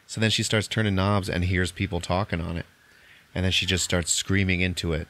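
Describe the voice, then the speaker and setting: Guy on a movie podcast retelling the plot, slightly low voice, does little voices for everyone, keeps laughing. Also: fairly even intonation, fairly bright tone. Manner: acts out characters' lines in quick impressions, laughs often. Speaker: podcast host. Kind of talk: casual movie recap.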